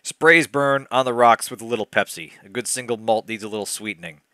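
Man playing a calm middle-aged businessman, soothing, smooth, dry close sound. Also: medium pitch, a little fast, dry recording, pitched below the performer's own voice, natural voice.

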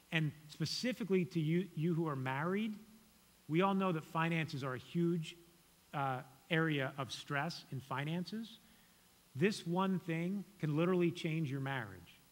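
A young male guest preacher delivers a sermon in a relaxed, conversational way, pressing his listeners with earnest challenges. His voice sits a little high for a man. The sanctuary gives the sound a long, lingering reverb. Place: church sanctuary. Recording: church hall reverb.

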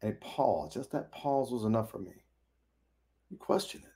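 A man's voice: on the low side, expressive, moderate pace, vocal fry, warm tone. A man teaching a Bible study in a folksy, preachy way, acting out quoted dialogue.

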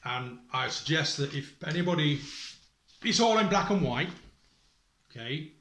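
A slightly high male voice with lively intonation and a fairly bright tone speaks unhurriedly in a roomy space. Emotional and distressed, this father addresses his family straight to camera, angry and accusing, cursing, breaking off, and reading aloud from a school report.

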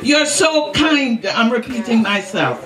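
A woman's voice: a little high, expressive, measured pace. A woman in her eighties with a Jamaican accent, giving an affectionate birthday speech and laughing through her words. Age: 80s. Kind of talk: heartfelt party speech. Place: large echoey banquet hall. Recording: echoey hall, far mic, crowd noise.

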